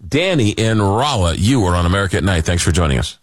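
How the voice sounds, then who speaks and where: Low-voiced male radio talk host. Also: sing-song, no room sound. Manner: reads listener messages, halting with many restarts. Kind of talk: late-night call-in radio talk.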